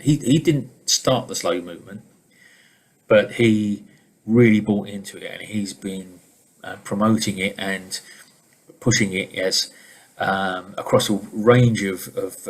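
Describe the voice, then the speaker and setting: A middle-aged man, a leadership trainer and coach, giving an informal webinar presentation over a video call in a relaxed, conversational storytelling manner. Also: on the low side.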